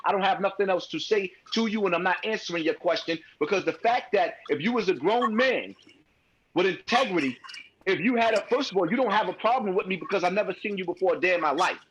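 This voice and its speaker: A man's voice: sits high, fast talker, highs cut off, noisy background. A man arguing heatedly as a guest on a live call-in stream, repeating himself as he presses his point. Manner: heated, confrontational, repeats phrases.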